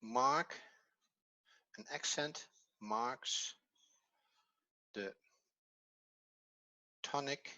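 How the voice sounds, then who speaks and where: Quiet man muttering slowly off the mic. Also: a little high, huge pitch swings, creaky. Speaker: teacher. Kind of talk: narrating screen actions.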